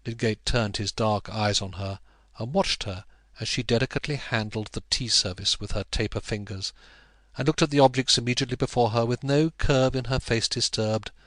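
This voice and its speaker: This is a man with a lowish voice narrating a classic novel for an audiobook. His delivery is measured and even, and the recording is dry.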